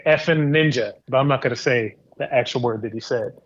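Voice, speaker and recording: A man in his fifties, a tattoo artist telling a story on a podcast in a casual, animated and profane way. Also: mid-range voice, fast talker, slightly rough, muffled recording. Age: 50s.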